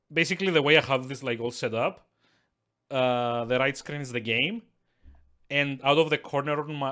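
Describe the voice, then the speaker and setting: A man's voice: medium pitch, a bit bright. Rambling, chuckling male game streamer. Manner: rambling, stammering restarts, chuckles often. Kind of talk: casual live-stream chat with viewers. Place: at his desk with two screens.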